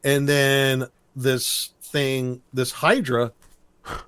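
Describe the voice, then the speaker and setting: A man co-hosting a podcast, recapping a cartoon episode in a lively, storytelling way and laughing as he goes. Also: medium pitch, drawn-out words, clean tone. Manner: animated storytelling, briefly imitates characters with laughs. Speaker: podcast co-host.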